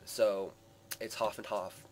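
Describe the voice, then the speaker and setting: A man's voice: lowish voice, fairly even intonation, takes it slowly, a little mellow, a little hiss or hum. A man hosting a gaming channel, giving live gameplay commentary in a rambling way full of hedges and fillers. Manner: rambling, hedging with many "sort of" and "like".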